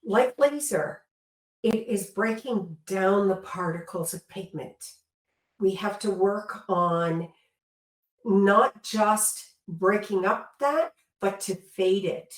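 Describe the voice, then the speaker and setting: A woman's voice: medium pitch, takes it slowly. A woman tattoo-removal trainer giving an earnest instructional demonstration and often correcting herself mid-sentence. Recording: echoey room.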